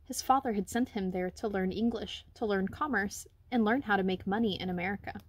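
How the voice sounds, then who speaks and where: A woman reading a children's picture book aloud, with gentle, expressive storytelling. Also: mid-range voice, brisk, slightly rough. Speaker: reader.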